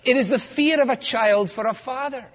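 A man with a high voice preaches a sermon, working through scripture and putting rhetorical questions to his listeners. He builds toward fervent emphasis. The sound is dull and muffled, with a long reverb from the hall around him. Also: normal speed.

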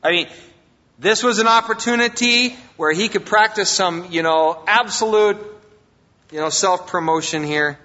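A man preaching a sermon as a pastor, emphatic, swinging between loud and quiet. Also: high-pitched, measured pace. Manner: emphatic preaching, rises and drops in volume. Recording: long hall reverb, dull lo-fi sound.

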